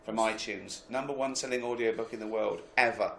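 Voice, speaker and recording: A man's voice: lowish voice, steady tone, a little fast, vocal fry, fairly bright tone, reverberant, slight background noise. A man hosting a comic podcast, joking, laughing a lot and slipping into mock voices. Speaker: podcast host.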